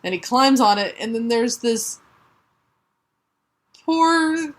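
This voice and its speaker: Give me a slightly high-voiced woman, laughing comic podcast co-host. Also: slow pace. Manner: laughing, animated retelling with silly put-on quotes. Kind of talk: casual comic book chat.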